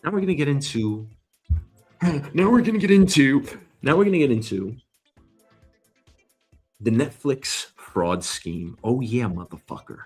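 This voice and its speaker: A man's voice: mid-range voice, very animated, fairly quick, darkish tone, husky, soft background music. Profane swaggering male show host. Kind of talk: casual news commentary.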